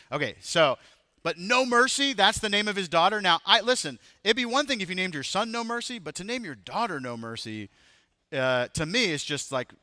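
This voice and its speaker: A man's voice: fairly high pitch, bright, forceful tone, no echo, studio quality. A man in his thirties preaching a sermon as pastor, talking to the congregation in a loose, joking way. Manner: conversational, jokes with the congregation.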